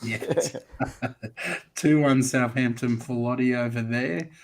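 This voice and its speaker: An Australian man hosting a casual football podcast, chatty and relaxed, calling on guests and reading out viewer comments. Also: medium pitch, slow pace. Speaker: podcast host.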